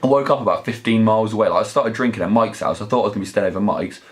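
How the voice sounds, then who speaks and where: Low-voiced young man. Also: very fast. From southern England. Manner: crude, sweary, rambling comic monologue. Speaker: vlog host. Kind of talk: casual anecdotal storytelling.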